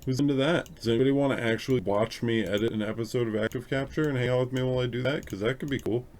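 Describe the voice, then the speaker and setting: This live stream host races along in a medium-pitched, somewhat mellow voice with fairly even intonation. He's editing photos in a room at home with an open window, chatting casually and thinking aloud, a little self-conscious.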